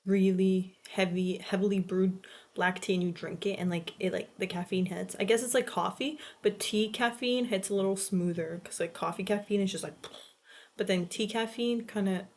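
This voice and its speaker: A woman's voice: mid-range voice, fairly even intonation, moderate pace. A young woman in her late teens chatting casually in a vlog, rambling and swearing, with lots of "like" filler. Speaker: vlogger. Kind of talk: casual chat.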